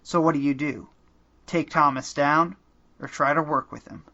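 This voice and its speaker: A man narrates a comedic choose-your-own-adventure game as podcast host, keeping a dry, deadpan delivery that now and then breaks into laughs. His voice has a bright edge. The recording is slightly muffled and lo-fi. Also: a little high, normal speed, creaky.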